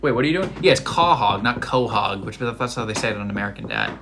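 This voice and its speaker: A man's voice: medium pitch, expressive, racing, vocal fry, noisy background. A young man with a Rhode Island accent, chatting casually on a live stream from his home kitchen, full of fillers. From Massachusetts. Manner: chatty, many likes and fillers.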